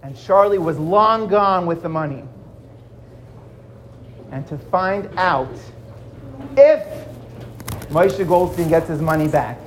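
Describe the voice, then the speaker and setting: Guy telling a kids story, super dramatic, goes loud then quiet, bit of faint hum behind. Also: a little high, slow, pauses often. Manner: dramatic, swings from loud to hushed. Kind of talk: animated storytelling to children.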